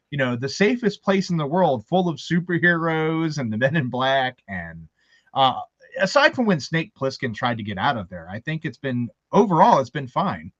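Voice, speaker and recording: Hosting a laid-back chat, this Baltimore man with a faint hometown accent laughs a lot and wanders through anecdotal stories. His voice is mid-range and a bit bright, captured in a dry, lo-fi recording.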